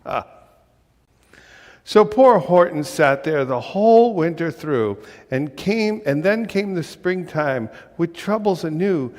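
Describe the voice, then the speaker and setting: A male minister reading a rhyming picture book aloud to a congregation, in a rhythmic, expressive storytelling manner. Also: fairly high pitch, slow pace, big-room sound. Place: church sanctuary.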